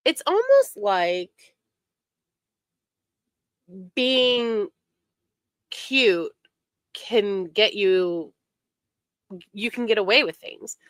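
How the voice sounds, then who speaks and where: A woman's voice: medium pitch, very animated, very slow, pauses often, fairly bright tone, no echo. A woman streamer giving casual, indignant commentary on online drama, sarcastic and given to mocking imitations.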